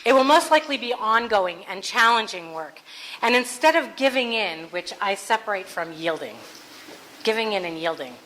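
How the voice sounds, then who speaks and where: A woman's voice: mid-range voice, lively intonation, normal speed, fairly bright tone, low-quality recording. A woman preaching a conversational Sunday sermon, earnest with playful asides. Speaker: minister.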